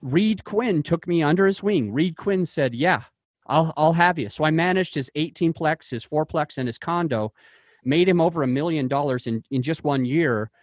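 Real estate investor, male, earnest interview storyteller with a higher voice and a dry sound, who often backtracks mid-sentence. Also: moderate pace, a little mellow, no echo. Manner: earnest, with frequent restarts and fillers.

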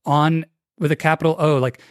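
A man's voice: on the high side, level tone, a little fast, dry recording, clean studio sound. A man being interviewed on a podcast, talking with energy and acting out the voices he quotes. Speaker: guest.

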